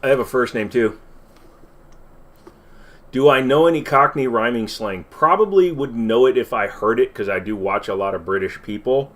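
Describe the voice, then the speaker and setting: A man's voice: mid-range voice, normal speed, fairly bright tone. A man hosting a casual livestream Q&A from his desk, rambling with lots of fillers and self-deprecating asides. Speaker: channel host.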